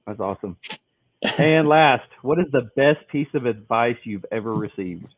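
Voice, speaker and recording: A man's voice: mid-range voice, animated, normal speed. A man co-hosting a podcast, chatting casually and upbeat while firing off quiz questions. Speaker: podcast co-host. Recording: thin phone-like line, dry.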